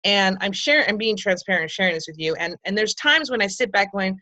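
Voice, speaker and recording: A woman's voice: medium pitch, expressive, fast, hardly any pauses, bright, forceful tone. A middle-aged woman leading her sales team on a video call, talking candidly and rambling, with lots of restarts and ums. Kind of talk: casual motivational video call.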